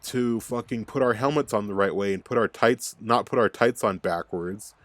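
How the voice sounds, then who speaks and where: Fed-up man ranting, low dry voice. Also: normal speed, fairly bright tone, no room sound. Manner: angry, profane, rambling. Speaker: podcast host. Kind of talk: fan recap rant.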